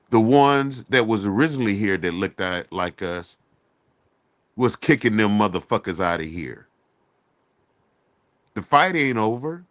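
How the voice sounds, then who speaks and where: A man's voice: mid-range voice, a bit bright, no echo. A man hosting a casual morning talk show, delivering a rambling, profane, preachy rant. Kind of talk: casual chat.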